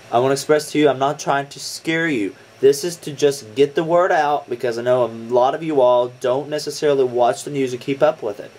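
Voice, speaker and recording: A young man, an amateur weather vlogger, gives viewers an earnest, casual briefing on a coming storm threat. He fills his talk with "um" and repeats points for emphasis. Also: medium pitch.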